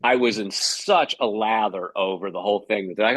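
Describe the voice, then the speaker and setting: A man who hosts game shows, a guest telling a story with lively energy. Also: fairly low pitch, fairly quick, breathy edge, dry recording. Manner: lively, acts out quotes in raised voice. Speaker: game show host, guest. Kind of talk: animated storytelling.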